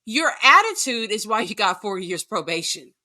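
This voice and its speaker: A woman's voice: medium pitch, sing-song, normal speed, bright, forceful tone. A woman guest on a podcast, blunt and sassy, cursing freely in casual chat. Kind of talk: casual reality-TV recap chat.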